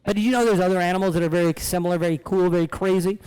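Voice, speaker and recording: Speaking in a high, smooth voice at a racing pace, a man shows live animals to children, though the recording is rough. He keeps things playful and animated, cracking jokes, laughing a lot and talking directly to the kids.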